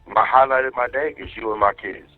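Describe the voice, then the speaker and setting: A man's voice: mid-range voice, steady tone, a little fast, no room sound. Angry man on a tinny jail phone. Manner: angry, profane venting. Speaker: inmate on a jail phone call. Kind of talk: phone call to his wife. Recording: tinny jail phone line, faint music.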